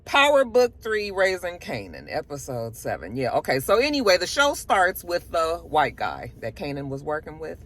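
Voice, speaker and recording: A woman vlogger reviewing a TV episode in casual, chatty talk, animated and laughing often, recorded in a home studio. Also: low-pitched, moderate pace, hardly any pauses. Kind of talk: casual chat.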